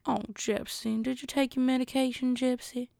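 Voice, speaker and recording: A woman's voice: high-pitched, level tone, normal speed, gravelly, darkish tone, dry recording, studio quality, voice pushed up. A woman doing a syrupy country mother. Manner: drawling, syrupy, coaxing. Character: sickly-sweet controlling country mother.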